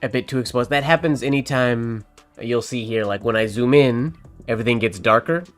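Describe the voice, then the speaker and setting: A man's voice: mid-range voice, fairly quick, soft background music. A man streaming a calligraphy session, talking casually as he thinks aloud over his work and then reading a holiday poem aloud. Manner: relaxed, thinking aloud while writing.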